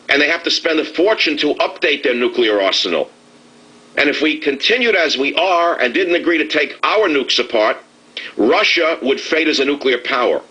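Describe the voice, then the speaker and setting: A man hosting a radio talk show, delivering an indignant, sarcastic opinion monologue with dramatic swings in pitch. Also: bright, forceful tone, husky, poor audio.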